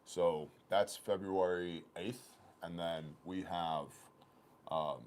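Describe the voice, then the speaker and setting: A man hosting a casual company livestream, chatting and telling stories with animated laughter. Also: low voice, takes it slowly, a little hiss or hum. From Oklahoma. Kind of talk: casual chat and storytelling.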